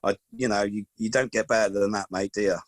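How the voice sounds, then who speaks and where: A man, a podcast guest telling stories in a lively, casual way and calling the host "mate". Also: fairly low pitch, fast talker, no echo. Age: 40s. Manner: lively anecdotal, peppers talk with "mate" and "do you know what I mean". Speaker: podcast guest, football coach. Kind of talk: casual storytelling chat.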